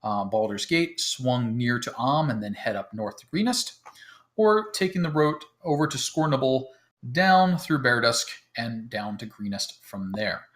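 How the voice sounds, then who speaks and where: A man acting as game master, explaining the setup to his players in a relaxed way, with many fillers and chuckles. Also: mid-range voice, measured pace. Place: home, talking over voice chat.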